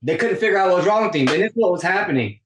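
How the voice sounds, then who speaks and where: A man's voice: sits high, very fast, a little hiss or hum. A man on a podcast telling a long story in casual chat, acting out quoted lines and saying "like" a lot. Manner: animated storytelling, acts out quoted dialogue, frequent "like". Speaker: podcast guest. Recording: roomy echo.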